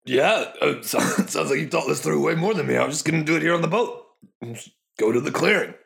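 A man's voice: a little high, expressive, a little fast, gravelly, a bit bright. A man playing a tabletop role-playing game, talking in a wry, jokey way. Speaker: player. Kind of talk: in-character tabletop banter.

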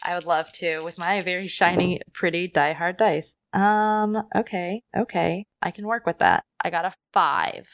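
A woman's voice: fairly low pitch, steady tone, a little slow, gravelly, few pauses, no echo. Giggly woman, dry close sound. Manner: giggly, casual. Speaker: player. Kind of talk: tabletop role-play chat.

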